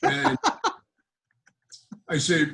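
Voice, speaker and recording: An older man telling stand-up jokes over a video call. His delivery is dry and deadpan, and his stories wander into self-deprecating asides. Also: extremely slow, low-quality recording. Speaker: comedian.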